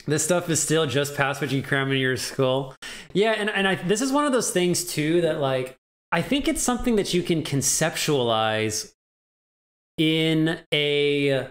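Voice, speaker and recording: A man's voice: a little high, lively intonation, slow pace, fairly bright tone. A young man teaching a casual language lesson, chatty and laughing often, acting out example sentences. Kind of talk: casual live-streamed lesson.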